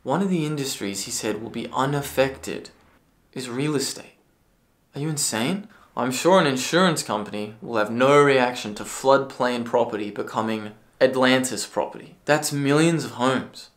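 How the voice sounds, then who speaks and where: A man in his own commentary video, ranting with a sarcastic, profane edge. His voice sits at an ordinary middle pitch, and his delivery swings from dry mockery to sudden bursts of shouting. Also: moderate pace. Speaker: political commentary video creator.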